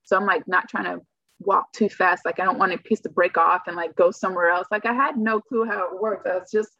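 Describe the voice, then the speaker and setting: A woman's voice: fairly low pitch, fairly even intonation, a little fast, vocal fry, sharp tone, no echo, dull audio. Woman rambling through a personal story. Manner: rambling, heavy use of "like" fillers. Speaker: guest telling her story.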